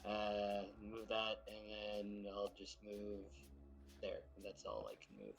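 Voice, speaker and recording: Guy playing a tabletop game, kinda low voice, lots of uhs, hesitant. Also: slow, creaky, soft background music, low-quality recording. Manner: hesitant, joking, with laughs between words. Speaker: player. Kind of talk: casual tabletop gaming chat.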